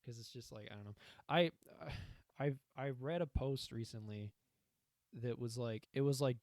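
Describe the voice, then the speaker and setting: A man's voice: mid-range voice, moderate pace, a little mellow, no room sound. A young man co-hosting a podcast in casual chat, rambling, swearing and acting out scenes. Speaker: podcast co-host.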